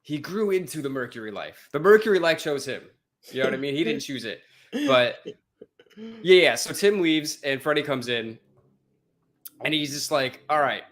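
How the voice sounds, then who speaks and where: A man's voice: fairly high pitch, animated, moderate pace, a bit bright. An American man co-hosting a podcast, chatting loosely, swearing casually and laughing often. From United States. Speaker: podcast co-host. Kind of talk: casual chat.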